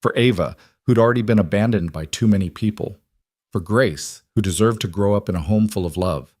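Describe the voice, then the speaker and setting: A man narrating a dramatic story in a steady, scripted storytelling manner. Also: on the low side, a little fast, dry recording, studio quality.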